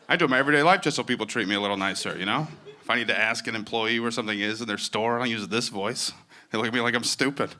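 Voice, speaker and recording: A man's voice: mid-range voice, fast talker, noisy background. A man doing stand-up comedy in a wry, conversational way.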